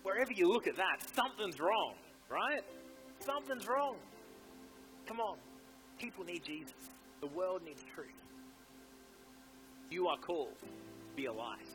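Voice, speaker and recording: Male pastor, slightly high voice, fervent exhorting sermon with clear music behind. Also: animated, moderate pace, pauses often, fairly bright tone, poor audio. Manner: fervent, exhorting, repeats "come on". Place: church.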